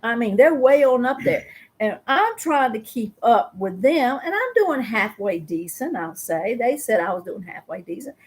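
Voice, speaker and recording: A middle-aged woman with a drawl hosts a laid-back live stream, telling stories at a normal speed. Her voice is slightly high, and she performs her tales with animation, slipping into the voices of the people she describes.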